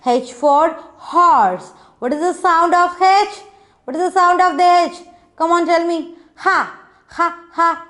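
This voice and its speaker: A woman's voice: high voice, a bit bright. A woman teaching a children's phonics lesson, coaxing and repeating sounds for the kids to echo.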